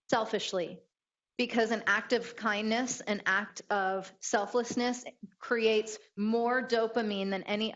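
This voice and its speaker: A woman's voice: medium pitch, lo-fi sound. A woman giving a motivational leadership talk, telling stories and acting out the people in them. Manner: animated storyteller acting out quotes. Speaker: keynote speaker.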